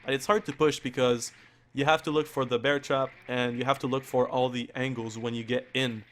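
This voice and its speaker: A man casting a live esports match, hoarse from losing his voice and talking in halting bursts full of restarts and fillers. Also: medium pitch, level tone, fairly bright tone, slight background noise. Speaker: esports caster. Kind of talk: live play-by-play commentary.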